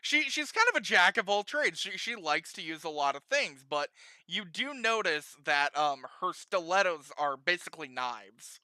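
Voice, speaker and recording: Bright-voiced man running a tabletop game. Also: high-pitched, moderate pace. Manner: relaxed, laughs often, casual profanity. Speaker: game master.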